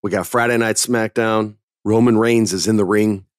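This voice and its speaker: A middle-aged man hosting a podcast, chatting casually and telling stories with animated emphasis. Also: fairly low pitch, moderate pace, clear, resonant tone, no echo, studio quality. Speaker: podcast host. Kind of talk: casual chat.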